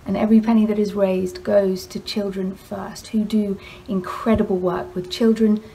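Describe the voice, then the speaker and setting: Woman, charity appeal read to camera, earnest and emphatic, pitch in a middle range. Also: darkish tone, low-quality recording. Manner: earnest, emphatic, repeating words for stress. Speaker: actress.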